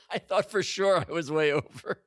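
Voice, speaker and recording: A man's voice: a little high, a little slow, no room sound, studio quality. A man co-hosting a casual podcast chat about an old comedy episode. He jokes a lot and reads his own notes aloud. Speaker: podcast co-host.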